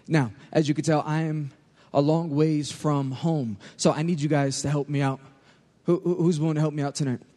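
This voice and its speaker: Brief: New York youth pastor preaching live in a big church hall, crowd-rousing, slightly high-voiced, ringing reverb. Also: male voice. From United States. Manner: lively, joking, calls for crowd response. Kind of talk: energetic sermon to a youth crowd.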